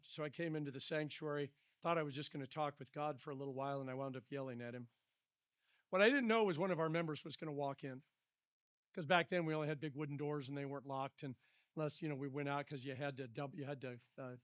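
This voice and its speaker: Animated man teaching Bible study. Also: a little high, clear, resonant tone, dry recording. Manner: conversational storytelling, animated. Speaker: pastor.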